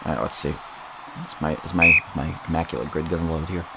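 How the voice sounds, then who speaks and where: A young man hosting a casual livestream into a boom-arm mic. He giggles often, rambles, repeats words and mocks himself. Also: fairly even intonation, quick pace, very noisy. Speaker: livestream host.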